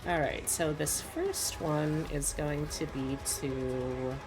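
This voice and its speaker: A woman's voice: low voice, steady tone, slow pace, music in the background. A woman VTuber chatting casually while she draws on stream, rambling with lots of asides.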